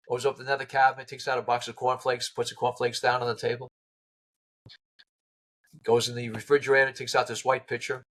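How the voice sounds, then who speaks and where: A man being interviewed as a guest, telling a long anecdote in a lively way and acting out the people he quotes. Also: mid-range voice, poor audio. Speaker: interview guest, car restorer. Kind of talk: animated storytelling anecdote.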